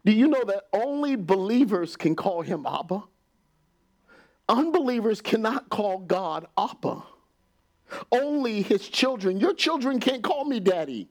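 A man preaching a sermon in a church with a slightly high voice. He is animated and laughs often. He acts out the quotes he tells and sometimes drops to a whisper. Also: measured pace.

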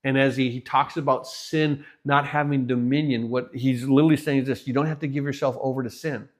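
Preacher man swinging loud to hushed. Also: mid-range voice, steady tone, fairly quick. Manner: repeats words and stammers restarts. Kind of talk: sermon.

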